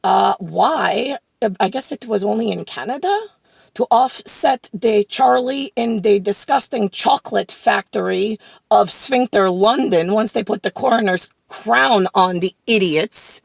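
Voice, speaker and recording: A woman vlogger talking in a rambling monologue, laughing at her own remarks and sometimes dropping to a quiet murmur. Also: mid-range voice, measured pace, gravelly, husky, no echo.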